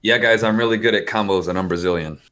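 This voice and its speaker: A man's voice: fairly low pitch, quick pace, pushed and bright. An American man chatting as a podcast guest, easygoing, laughing often and swearing freely. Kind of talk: casual podcast chat.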